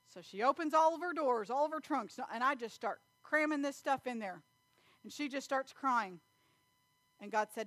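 A woman preaching a sermon in church, telling stories and acting out scenes with loud animated bursts. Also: on the high side, normal speed, dry recording. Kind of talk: sermon with storytelling.

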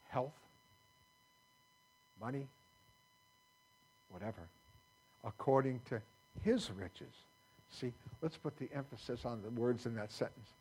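A man's voice: mid-range voice, darkish tone, slightly rough, rough recording. A man pastor preaching a sermon in a folksy, conversational way, quoting scripture to his congregation. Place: church sanctuary.

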